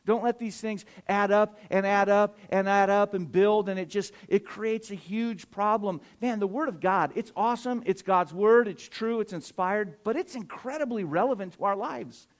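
A middle-aged man, a pastor preaching a sermon, swinging between loud emphatic surges and quiet asides. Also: high voice, moderate pace, hardly any pauses.

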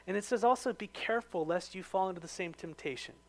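A man pastor preaching a conversational sermon, raising his voice for emphasis and dropping it low for quiet asides. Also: quick pace, hardly any pauses. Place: church.

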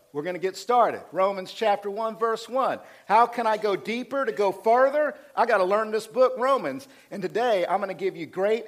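A male pastor preaching a sermon, swinging from loud emphatic passages to quiet asides, fired up. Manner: preaching with rising intensity, dropping low for asides.

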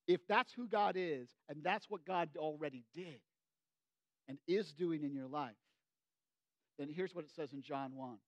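A man preaching a sermon as pastor, swinging between loud, emphatic bursts and hushed, low asides. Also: unhurried, long pauses, dry recording.

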